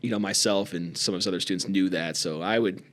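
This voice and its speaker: A man co-hosting a podcast, telling stories in casual conversation and acting out quoted voices by raising his pitch. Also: fast talker. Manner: relaxed, acts out quoted voices with raised pitch. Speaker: podcast co-host.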